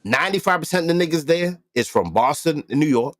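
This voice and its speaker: A man's voice: a little high, lively intonation, fast talker, no echo, clean studio sound. A man hosting a podcast in casual chat, emphatic and profane, repeating himself for effect. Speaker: podcast host.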